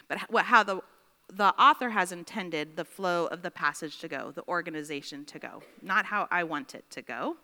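A woman teaching a Bible study class, dictating slowly with repeated phrases and checking in with her listeners. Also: fairly low pitch, sharp tone. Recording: long reverb in a large room.

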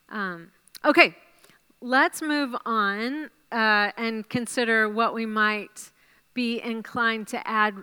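A woman teaches a Bible study group at a slow, unhurried pace, stopping often to praise answers. Her voice is bright and smooth. She thinks aloud while jotting ideas down. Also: a little high. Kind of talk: leading a class discussion.

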